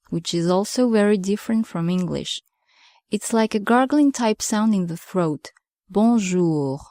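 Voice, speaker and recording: A woman teaching a beginner language lesson, speaking slowly and carefully and modelling pronunciation for the listener to repeat. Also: medium pitch, dark tone, dry recording, clean studio sound. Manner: slow, careful pronunciation drills. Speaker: French teacher.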